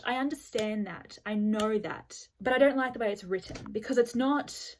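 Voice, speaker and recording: A woman's voice: a little high, normal speed, few pauses. Blunt, exasperated woman book reviewer. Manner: blunt, exasperated, peppered with "like" and swearing. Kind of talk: casual book review vlog.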